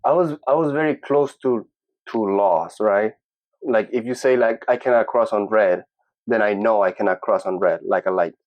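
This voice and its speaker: Young man from Peru, podcast guest, lively storyteller who mimics others, dry dull recording. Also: on the low side, moderate pace, dry recording. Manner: animated, acts out quoted voices. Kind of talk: casual storytelling.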